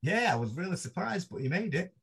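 Man, slightly husky, animated storyteller, podcast guest. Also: high-pitched, a little fast. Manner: lively, laughs through his stories, swears casually. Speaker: podcast guest, mentalist blogger.

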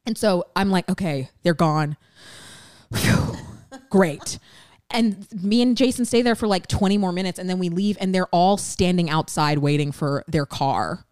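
A young adult woman co-hosting a podcast, telling a story with lively, excited delivery and acting out the quotes. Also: lowish voice, smooth, dry recording, clean studio sound. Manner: fast, excited, acts out quotes. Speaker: podcast co-host. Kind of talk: animated storytelling.

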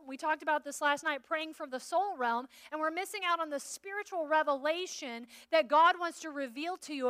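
Woman conference preacher, playful and animated, dry close sound. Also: very high-pitched, dry recording. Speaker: conference speaker. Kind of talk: sermon. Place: conference room.

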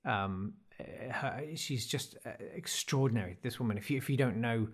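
A man's voice: mid-range voice, normal speed. A man in his forties, a podcast guest who rambles through anecdotes with self-deprecating, dry asides. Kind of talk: casual interview storytelling.

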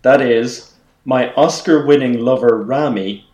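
A man's voice: mid-range voice, a little slow, a little mellow. Guy podcast host, jokey, reads out clues, laughs a lot, echoey room. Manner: playful, laughs often, quiz-master teasing. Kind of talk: casual chat.

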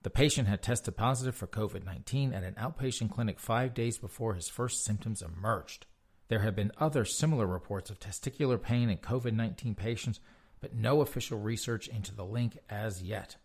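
A man's voice: on the low side, a little fast, darkish tone, slightly rough. A man reading news articles aloud and mocking them with sarcastic asides. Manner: mocking asides between read-out passages.

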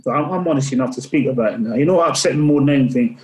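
A man's voice: medium pitch, racing, darkish tone, echoey room, rough recording. A man guest in a casual interview, telling a personal story earnestly, often repeating his words.

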